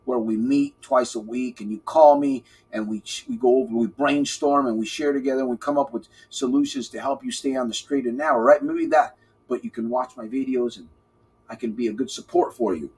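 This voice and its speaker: A man hosting a live podcast as a recovery coach, talking casually to his chat in an animated, playful way and repeating phrases for emphasis. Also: medium pitch, a little fast, husky. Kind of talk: live-stream talk, answering chat.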